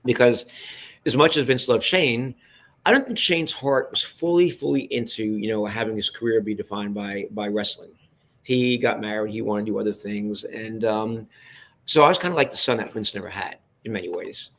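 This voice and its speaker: A man's voice: fairly low pitch, moderate pace. Man telling a backstage story. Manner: animated anecdote-telling, with frequent restarts and addresses to the listeners. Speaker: guest, television producer. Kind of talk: storytelling in a podcast interview.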